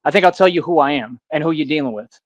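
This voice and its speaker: A man's voice: fairly high pitch, racing, no room sound. A man delivering an angry, defiant monologue to the camera, agitated and repeating himself as he rants. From United States.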